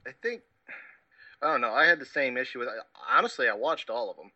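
A man co-hosting a podcast in casual chat, teasing his friend and laughing easily, with halting phrases. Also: mid-range voice, lively intonation, sharp tone, lo-fi sound. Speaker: podcast co-host.

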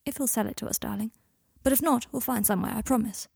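Woman reading as a guarded young dad, soft, a bit breathy, close dry mic. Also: a little high, fast, no echo, heavily acted. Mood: tender. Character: gentle, guarded young father, man.

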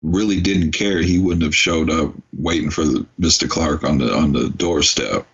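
Deep husky man chatting about a film. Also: moderate pace, lo-fi sound. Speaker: podcast co-host. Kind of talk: casual movie recap chat.

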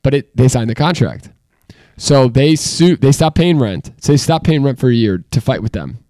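A man's voice: medium pitch, lively intonation, moderate pace, warm tone, no echo. Chatty man telling a long story. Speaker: podcast co-host. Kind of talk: casual chat.

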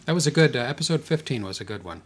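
A man hosting a podcast in casual chat, easygoing and quick to laugh. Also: medium pitch, lively intonation. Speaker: podcast host.

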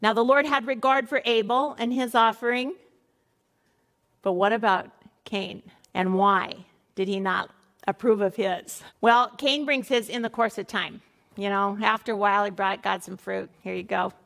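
A woman's voice: mid-range voice, fairly even intonation, normal speed, a bit bright. A middle-aged woman teaching a Bible study in a conversational way, reading scripture aloud and mixing in personal stories.

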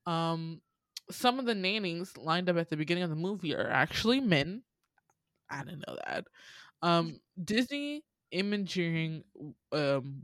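A woman's voice: sits low, fairly bright tone, dry recording. Young woman, podcast host, casual trivia chat, sassy asides, dry close sound. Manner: chatty, sassy asides, frequent ums.

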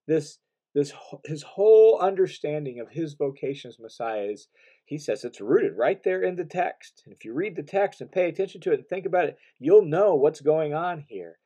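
A man's voice: a little high, lively intonation, normal speed, warm tone, breathy edge. A man preaching a sermon in an earnest, emphatic way, often restarting phrases and building to stressed bursts.

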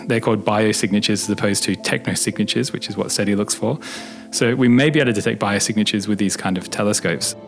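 A man with a fairly low voice, talking as an astronomer who explains space science simply and patiently. His tone is relaxed and friendly, and he adds the odd joke. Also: fast, vocal fry, faint music behind. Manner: patient, plain explaining with light humour. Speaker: astronomer answering kids' questions. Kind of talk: relaxed explanatory interview talk.

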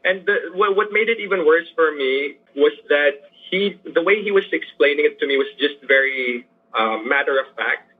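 A man speaks in earnest, halting sentences, restarting often as he searches for words. His voice sits a little high and comes through slightly husky. The sound is thin and tinny, as if over a phone line. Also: animated. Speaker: teacher working with poor youth. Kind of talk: interview over a remote line. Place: lives in Manila.

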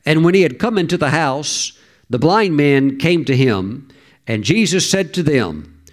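A man's voice: on the high side, expressive, measured pace. A man preaching a sermon in an emphatic way, repeating key lines for stress.

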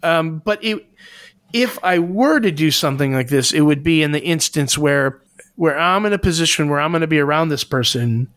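A man with a fairly high voice, talking earnestly in a casual podcast chat. He often restarts while he searches for the right words. The recording is close and dry, with no room sound. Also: lively intonation, normal speed, a bit bright, no echo. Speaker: podcast co-host.

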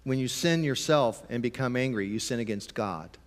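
A man preaching a conversational sermon, sometimes emphatic and sometimes dropping to a quiet, low voice. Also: normal speed, in a large hall. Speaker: pastor.

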